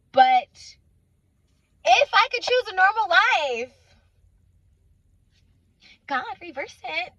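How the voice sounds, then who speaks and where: A Christian faith speaker preaches informally in a slightly high voice, repeating phrases to drive points home and calling listeners "honey" and "sweetheart." The recording has no echo, and its highs are cut off.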